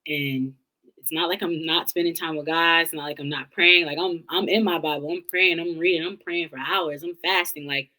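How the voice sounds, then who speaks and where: A young adult woman, appearing as an interview guest, talks candidly and thoughtfully in long, run-on reflections during a casual conversation. Her voice is low and sharp, with a steady tone and moderate pace, and the recording is low quality.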